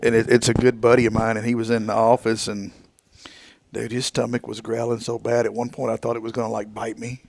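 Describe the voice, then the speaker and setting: A man's voice: mid-range voice, completely flat delivery, a little fast, creaky, a little mellow, slight background noise. A middle-aged man co-hosting a morning radio show, joking and teasing in casual banter. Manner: joking, teasing, laughs a lot.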